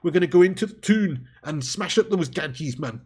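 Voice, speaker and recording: A man's voice: on the high side, animated, fairly quick, darkish tone, husky. A man attempting a mocking Geordie impression of a football fan, and doing it badly.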